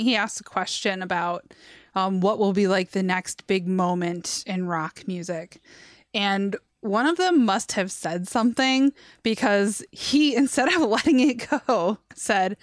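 A woman's voice: mid-range voice, no echo, clean studio sound. A woman co-hosting a podcast in casual chat, retelling stories and laughing often as she talks. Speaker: podcast co-host. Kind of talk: casual chat reviewing music.

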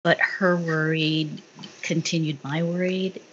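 A woman candidly recounting a personal experience in casual conversation, halting with fillers and restarts. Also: deep voice, level tone. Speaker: guest sharing her story. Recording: dull lo-fi sound with faint noise.

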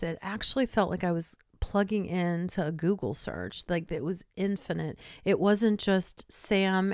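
Woman podcast host, chatty storyteller, lower voice, dry room. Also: darkish tone, dry recording. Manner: chatty, laughs between stories. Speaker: podcast host and intuitive medium. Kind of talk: personal storytelling monologue.

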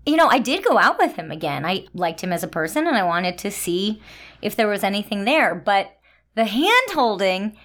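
A woman's voice: mid-range voice, big pitch swings, normal speed, a bit bright. A woman co-hosting a podcast, chatting playfully and telling a candid personal story. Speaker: podcast co-host. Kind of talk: casual chat and personal storytelling.

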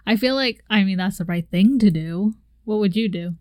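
A woman's voice: mid-range voice, normal speed, a little mellow, no echo. A young woman co-hosting a casual chat, telling a story animatedly and acting out her own reactions with laughs. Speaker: podcast co-host.

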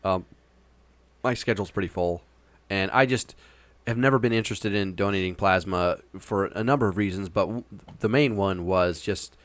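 A man with a fairly low voice telling a story in a casual podcast chat. He stumbles and restarts often. The sound is dry and close. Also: moderate pace, no echo. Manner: hesitant, stammering restarts. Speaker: podcast co-host.

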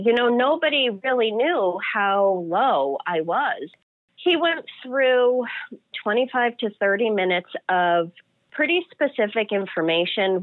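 A woman's voice: mid-range voice, no room sound. A woman telling an emotional personal story as an interview guest. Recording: dry phone-like audio.

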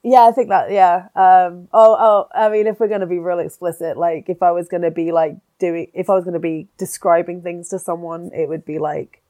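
A woman's voice: fairly low pitch, fairly even intonation, moderate pace, hardly any pauses, dark tone. A woman co-hosting a podcast in casual chat, with a stuffy nose from a cold and a giggly, self-deprecating manner. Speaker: podcast co-host.

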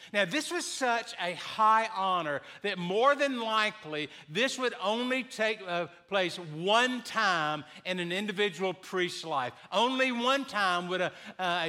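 Man in his sixties, pastor, sermon, high voice, unhurried delivery. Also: sharp tone. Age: 60s. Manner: earnest, slow and deliberate, with fillers and restarts.

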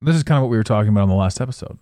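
A man hosts his own podcast in a loose, rambling monologue, swearing and chuckling at his own lines. His pitch swings widely as he talks. The sound is dry and close to the mic. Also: rapid-fire, dry recording. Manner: animated, swearing, laughing at his own jokes. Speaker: podcast host.

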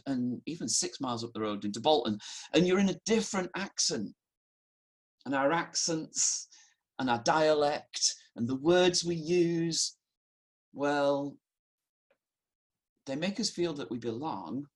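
Middle-aged northern english bloke preaching, bit husky, chatty and wry. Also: male voice, on the high side. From Northern England. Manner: conversational and wry, with lively rises and asides. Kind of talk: sermon.

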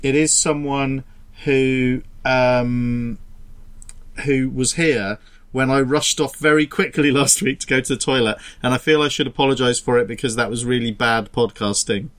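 A man's voice: medium pitch, fairly even intonation, moderate pace, a bit bright. A man co-hosting a podcast, rambling and self-deprecating as he chats. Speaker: podcast co-host. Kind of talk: casual chat.

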